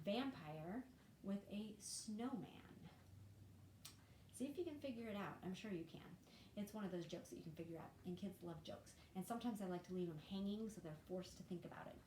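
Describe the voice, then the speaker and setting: A medium-pitched, mellow-voiced woman who teaches reading records a video lesson for parents, patiently walking through explanations and sounding out examples. The room is echoey with faint noise.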